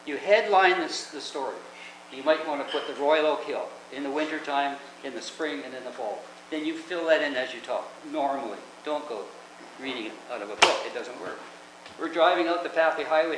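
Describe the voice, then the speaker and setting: A man's voice: a little high, fairly bright tone. An older man, hosting and telling rambling, chatty stories with lots of restarts. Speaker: host. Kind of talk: casual anecdotal storytelling. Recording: echoey room with background noise.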